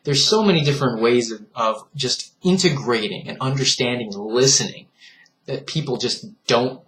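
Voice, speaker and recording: A man's voice: medium pitch, moderate pace, fairly bright tone. A man in a casual vlog monologue, earnest and reflective, speaking straight to his viewers and laughing at what he finds foolish. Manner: earnest and reflective, lecturing the viewer with frequent direct appeals. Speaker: vlogger.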